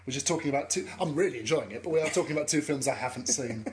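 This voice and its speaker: A man's voice: mid-range voice, rapid-fire. Dry, teasing male podcast co-host. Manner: dry, teasing, wry asides. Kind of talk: casual comedic chat.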